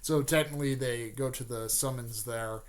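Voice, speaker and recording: Speaking off the cuff in a medium pitch with fairly even intonation, a man casually retells a fan-made story. He rambles, using many fillers and restarts, and throws in quick snippets of the characters' lines.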